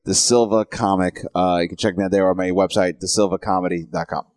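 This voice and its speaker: Low-voiced, quick male guest comic. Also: steady tone, darkish tone. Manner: brief agreeing interjections. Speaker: guest comedian. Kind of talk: casual podcast chat.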